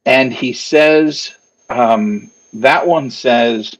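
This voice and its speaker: A man's voice: mid-range voice, lively intonation, slow, vocal fry, dull audio. A man narrating a tabletop game as game master, meandering with lots of fillers.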